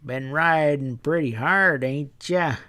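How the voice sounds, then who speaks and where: A man's voice: a little high, bright, forceful tone. A man putting on a sly drawling stableman. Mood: sly, placid. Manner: slow drawl, unhurried and cocky. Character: sly, placid young male stableman.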